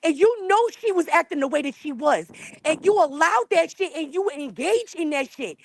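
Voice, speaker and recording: A woman's voice: high voice, lively intonation, normal speed, vocal fry, a little hiss or hum. A middle-aged woman on a live panel, tearful and furious, cursing and confronting someone who wronged her group. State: tearful, upset. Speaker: panel participant. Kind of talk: angry call-out on a live panel.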